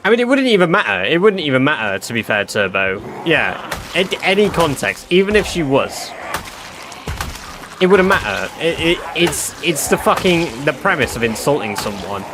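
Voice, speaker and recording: A man chatting on a game stream, telling a story in an animated, swearing manner. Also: fairly high pitch, normal speed. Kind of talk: casual livestream chat. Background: game music.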